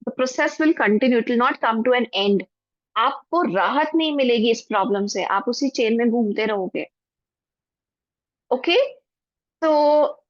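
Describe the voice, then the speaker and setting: A woman with an Indian English accent, a spiritual teacher leading an online class and a guided forgiveness meditation in a gentle, soothing voice. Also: high voice, no echo. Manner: gentle, soothing, repeats phrases slowly. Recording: dull, dry lo-fi audio.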